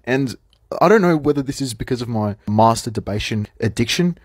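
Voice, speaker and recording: A young Australian man vlogs casually to camera in a medium-pitched, animated voice with a breathy edge, at normal speed. He rambles frankly, full of fillers and restarts, and the recording has no echo.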